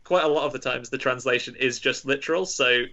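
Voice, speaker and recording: Bright-voiced playful quizmaster. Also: male voice, medium pitch, fairly quick, dull audio. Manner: playful, teasing. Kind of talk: casual podcast quiz.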